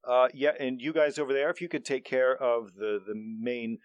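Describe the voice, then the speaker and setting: A man's voice: mid-range voice, moderate pace, dry recording, dull audio, natural voice. A man playing a pompous bard-boss. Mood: pompous, officious. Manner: pompous, officious speech-giving. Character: male bard grandly posing as a corporate manager.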